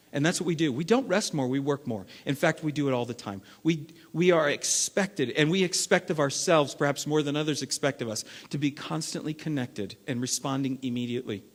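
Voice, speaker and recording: A man preaching a sermon as lead pastor, acting out everyday scenes and swinging between loud bursts and hushed stretches. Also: medium pitch. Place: church sanctuary. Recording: long reverb of a large hall.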